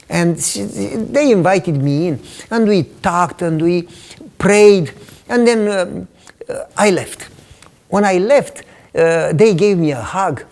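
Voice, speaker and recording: A man's voice: sits high, lively intonation, slow, vocal fry, a little mellow. A male pastor preaching a sermon, telling a personal story earnestly and dropping to a whisper to stress points.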